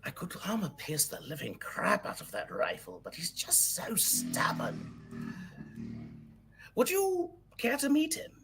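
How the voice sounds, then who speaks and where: A polite, inquisitive robot, as a player puts it on, speaking in formal and courteous tones. His pitch swoops wildly up and down, and a gravelly fry runs under the words. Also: wildly swooping pitch, unhurried, fairly bright tone, faint music behind, full character voice. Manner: formal, courteous, curious questioning. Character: male robotic being, polite, inquisitive about tech.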